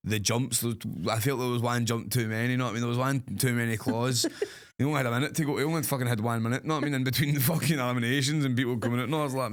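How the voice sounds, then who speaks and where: Young man, podcast co-host, casual storytelling, swearing, acted-out sound effects, lively pitch. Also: very fast. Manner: animated, acts out scenes with swearing and sound effects.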